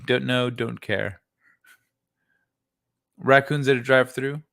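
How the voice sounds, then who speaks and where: A man's voice: medium pitch, fairly even intonation, slow pace, gravelly, a bit bright. Laid-back man swearing through a stream. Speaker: livestream host. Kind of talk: casual livestream chat reacting to clips.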